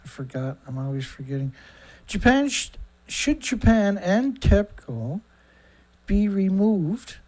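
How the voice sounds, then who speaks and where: Middle-aged man host, slightly high voice, casual rambling livestream talk, blunt and profane. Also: sing-song, slow pace, darkish tone. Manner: rambling with frequent fillers and asides. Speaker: host of a daily news livestream.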